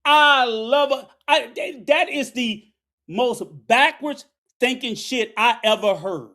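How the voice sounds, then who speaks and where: A man's voice: very high-pitched, animated, takes it slowly, pushed and bright. A middle-aged man, delivering an angry, profane, preachy rant as a commentator. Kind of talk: ranting commentary.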